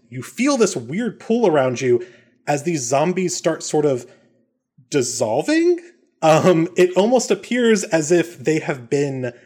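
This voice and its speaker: Laid-back male game master. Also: a little high. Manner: relaxed, many ums and uhs. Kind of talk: narrating a tabletop game.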